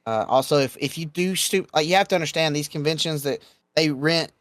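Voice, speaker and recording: A young adult man from Georgia, hosting a casual podcast chat and speaking bluntly, getting animated when laying down rules. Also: fairly high pitch, fairly quick, no room sound. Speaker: podcast host.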